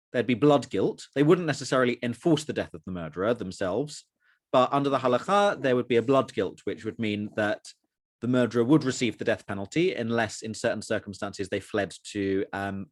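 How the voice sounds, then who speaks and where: Low-voiced man teaching a study group. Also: no room sound, studio quality. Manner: explanatory, asks the group questions, many fillers. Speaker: student rabbi leading a study session.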